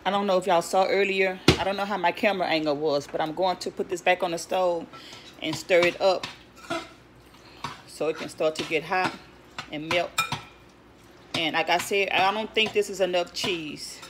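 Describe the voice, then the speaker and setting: A woman talks through a recipe in her home kitchen, rambling and restarting her sentences in a casual vlog. Her voice sits a little low. Pans, dishes and cutlery clink clearly behind her. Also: fairly even intonation, normal speed, long pauses, background noise. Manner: chatty, rambling, stutters and restarts. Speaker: home cook vlogger. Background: clinking pots, pans and cutlery.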